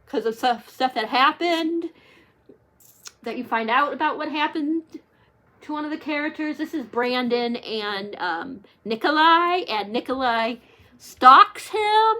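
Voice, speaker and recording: A woman's voice: high voice, expressive, measured pace, pushed and bright. A woman chatting casually to camera about her favorite books, gushing and emotional, close to tears, with lots of "like" fillers. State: tearful, near crying. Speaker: book reviewer. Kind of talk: casual book chat to camera.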